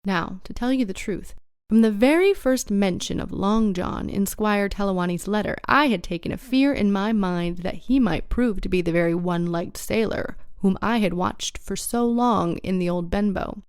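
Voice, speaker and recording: A woman narrating an audiobook in a measured, even storytelling manner. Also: medium pitch, clear, resonant tone, no room sound, studio quality. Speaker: audiobook reader.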